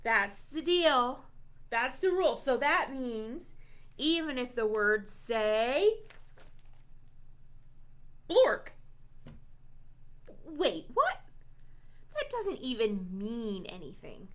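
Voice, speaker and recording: Reading a silly book aloud at a children's storytime, a woman librarian plays up mock outrage at the text. Her slightly high, a-bit-bright voice is very animated and unhurried.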